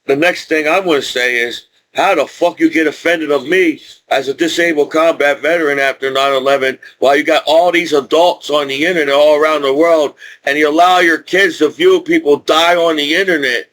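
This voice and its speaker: A man's voice: fairly high pitch, steady tone, fairly quick, fairly bright tone, poor audio. Angry rambling veteran man with a speech impediment. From United States. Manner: angry, profane, rambling with restarts. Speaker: vlogger, disabled combat veteran. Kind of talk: unscripted rant to camera.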